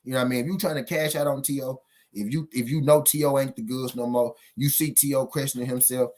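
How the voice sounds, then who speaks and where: A man talks through boxing news as a vlog host, pressing each point again and again. His voice sits at an ordinary middle pitch. He swears freely and speaks bluntly. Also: fairly even intonation, fast, darkish tone. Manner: emphatic, profane, repeats himself for effect. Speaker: boxing commentator. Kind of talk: casual commentary vlog.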